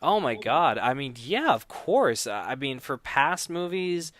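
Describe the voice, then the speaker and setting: Very animated and a little slow, a mid-range male voice belongs to a no-budget filmmaker appearing on a podcast. He speaks casually and drifts around, restarting many times, and loudly acts out the dialogue he quotes.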